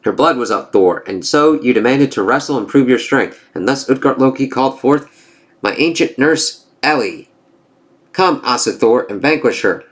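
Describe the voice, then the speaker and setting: A man's voice: mid-range voice, expressive, normal speed, pitched above the performer's own voice, natural voice. Man voicing a scornful old giant king of illusions, declaiming, comic-book read-aloud, mid-range voice. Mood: taunting. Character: ancient male giant king of illusion, taunting.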